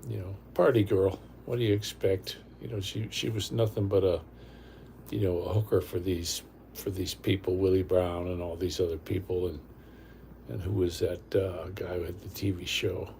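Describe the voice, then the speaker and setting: A man's voice: low voice, flat delivery, normal speed, creaky, dark tone, a little hiss or hum. An older man hosting a casual livestream from home, talking bluntly and rambling, often repeating himself. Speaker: livestream host.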